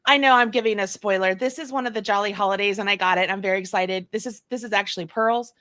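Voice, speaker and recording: A woman hosting a casual chat show, chatty and quick to laugh. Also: mid-range voice, a bit bright, no echo, studio quality. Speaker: podcast host.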